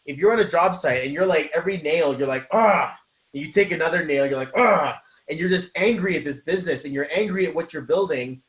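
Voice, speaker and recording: Energetic man talking in a roomy space. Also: fairly high pitch, fast, few pauses. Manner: energetic, acts out quoted voices. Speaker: co-host. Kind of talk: motivational casual talk. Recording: roomy echo.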